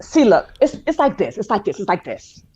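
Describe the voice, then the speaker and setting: Lively woman with a muffled mic. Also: mid-range voice, fairly quick, slightly rough, no echo. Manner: expressive, builds points with metaphors. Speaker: podcast co-host. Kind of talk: casual commentary chat. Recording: slightly muffled dry mic.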